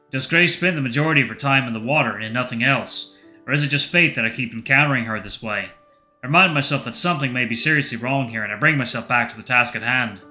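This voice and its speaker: Guy reading a story game out loud, really bright crisp voice, mid pitch. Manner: steady story narration. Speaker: gaming channel host. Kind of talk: reading a visual novel aloud.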